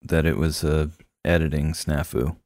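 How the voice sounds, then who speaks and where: A man co-hosting a casual chat about a film, animated and laughing often. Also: extremely low pitch, normal speed, dry recording, studio quality. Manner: animated, laughs often, acts out quoted lines. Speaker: film podcast co-host.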